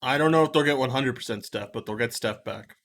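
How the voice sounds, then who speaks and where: A man with a bright, forward voice hosts a casual sports chat. He rattles off game results and laughs easily between points. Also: mid-range voice, quick pace. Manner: chatty, laughs often, lists results. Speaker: co-host of a sports betting show.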